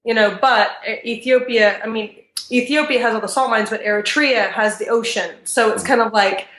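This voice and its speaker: A higher-voiced woman from Texas talks as a podcast guest, rambling through her travel stories. She drifts from one tangent to the next and acts out what people said to her. The room gives her voice a noticeable echo. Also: moderate pace, a little hiss or hum. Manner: rambling, animated, acts out other people's lines. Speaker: interview guest. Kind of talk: casual travel storytelling. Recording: roomy echo.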